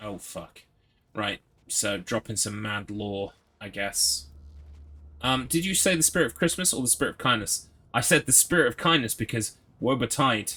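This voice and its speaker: A man's voice: mid-range voice, lively intonation, normal speed, sharp tone, husky. Sweary, sarcastic male streamer. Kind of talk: casual gameplay commentary.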